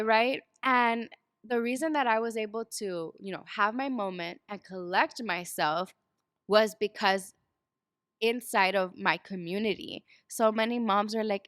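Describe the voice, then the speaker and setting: Brief: woman guest, mid pitch, bright voice, dry close sound, storyteller. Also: moderate pace, no echo. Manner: storytelling, animated when acting out quotes. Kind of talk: casual interview chat.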